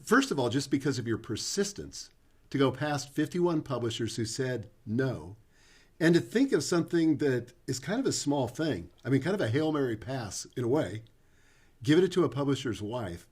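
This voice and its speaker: A man's voice: mid-range voice, sing-song, normal speed, husky. A middle-aged man hosting a podcast interview, answering with appreciation. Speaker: podcast host. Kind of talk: casual interview chat.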